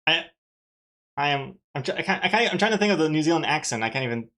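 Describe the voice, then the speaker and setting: A woman's voice: low-pitched, lively intonation, fast, a bit bright. A woman from Austria chatting casually on a live stream, playful and self-mocking, often laughing at herself.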